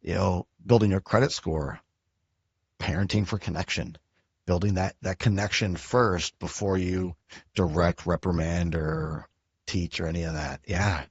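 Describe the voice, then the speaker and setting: Husky-voiced man hosting a podcast. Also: deep voice, a little slow, dry recording, highs cut off. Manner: relaxed, chatty, lots of fillers. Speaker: podcast host. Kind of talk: casual interview chat.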